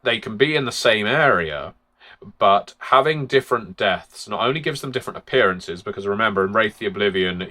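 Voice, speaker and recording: A man's voice: low voice, pushed and bright. A man, a game master and host, explaining tabletop role-play tips in a chatty, demonstrative way.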